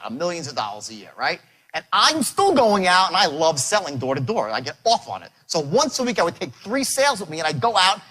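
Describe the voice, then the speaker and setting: A man giving a motivational sales lecture to a live audience. He tells his stories in a boastful, animated way, full of punchy phrases. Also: high voice, breathy edge, poor audio.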